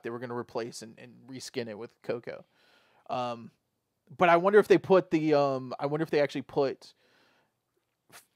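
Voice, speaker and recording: A man co-hosts a casual podcast, hesitating and filling his pauses as he rambles along. His voice has a gravelly fry, and it is recorded close and dry. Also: medium pitch, no echo. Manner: rambling, hesitant, lots of ums. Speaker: podcast co-host. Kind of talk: casual chat.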